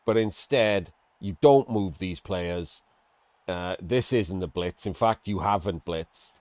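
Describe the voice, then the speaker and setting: A man's voice: sits low, slow pace, a little mellow, no echo. A man giving casual, blunt and sarcastic commentary on a game replay, talking to his chat. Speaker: streamer reviewing a game replay.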